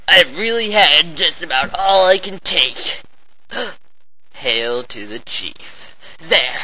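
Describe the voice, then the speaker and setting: A man giving over-the-top, theatrical narration while playing a shooter game, full of shouty bravado. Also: sits high, rough recording. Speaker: game player. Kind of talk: hammy gameplay narration.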